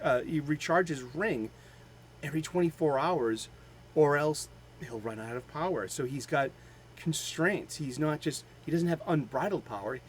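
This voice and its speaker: A man with a Boston accent talks casually and eagerly, stopping and restarting his thoughts with plenty of fillers. His voice sits a bit high for a man, and there is a faint hum of ambience behind him. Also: rough recording. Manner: rambling, halting, with many fillers; enthusiastic fan. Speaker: host of a daily comics show. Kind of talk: casual chat.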